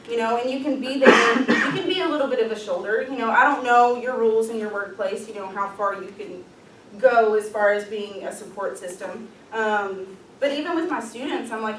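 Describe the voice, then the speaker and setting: A woman's voice: a little high, normal speed, background noise. A woman presenting a leadership workshop, talking in an upbeat, casual way with frequent ums and light laughs. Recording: echoey room, voice from far off.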